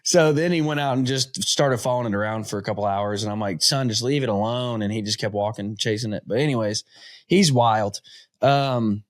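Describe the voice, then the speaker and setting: A man's voice: fairly low pitch, brisk. A man, hosting a casual interview chat and telling rambling stories full of fillers. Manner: rambling storyteller, chatty with fillers. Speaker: podcast host.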